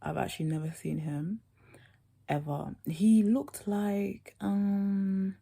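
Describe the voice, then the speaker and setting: A woman's voice: mid-range voice, steady tone, takes it slowly, gravelly, warm tone. A young woman telling a rambling, chatty story. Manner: rambling, chatty, constant "yeah" and "like". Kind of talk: casual storytime monologue.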